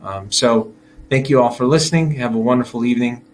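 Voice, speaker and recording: A financial advisor hosts a casual market-wrap video in a mid-range voice at a fairly quick pace, with faint music in the background. He talks loosely and chattily, using fillers and chuckling as he acts out what investors are thinking.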